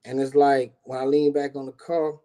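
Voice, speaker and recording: A man's voice: medium pitch, level tone, moderate pace, mellow. A middle-aged man, a guest on a live stream, telling a personal story in a casual, emphatic and profane way, often turning to speak straight to his listeners.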